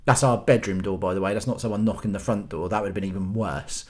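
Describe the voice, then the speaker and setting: A man's voice: on the low side, fairly even intonation, quick pace, soft background music. A man hosting his own channel, ranting to the camera about everyday annoyances in an exasperated, self-mocking way. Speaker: host. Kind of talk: casual rant to camera.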